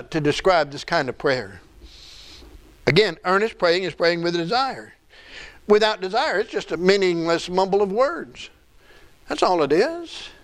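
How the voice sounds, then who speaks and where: A middle-aged man delivers a sermon from the pulpit. His voice sits high, and he leans into key phrases with earnest emphasis. Now and then he drops into casual asides to his congregation. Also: fairly bright tone. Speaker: pastor.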